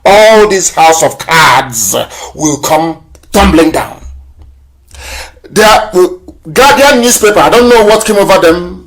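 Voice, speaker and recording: A man's voice: sits high, animated, slow pace, fairly bright tone. A man from Nigeria hosting a live political broadcast, speaking in impassioned, repetitive, scornful oratory. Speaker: broadcast host.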